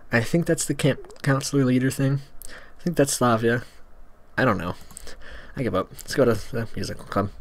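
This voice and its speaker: A man casually reading a visual novel aloud, stumbling over words and adding joking asides. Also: medium pitch. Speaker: Let's Play host.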